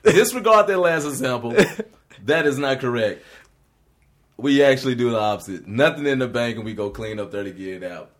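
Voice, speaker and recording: A man talking about faith in a loose, chatty way. His voice swings widely up and down, and he laughs often while he preaches. His pitch sits in the middle. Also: lively intonation, a little fast. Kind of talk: casual faith talk.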